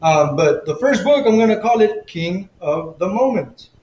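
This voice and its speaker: High-voiced guy rambling on a live stream, swears a lot, laughs a lot, roomy echo. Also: expressive, normal speed, darkish tone, dull audio. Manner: loose, profane storytelling with frequent laughs and fillers. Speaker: boxing coach live-streaming a fight commentary. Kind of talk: casual live-stream chat.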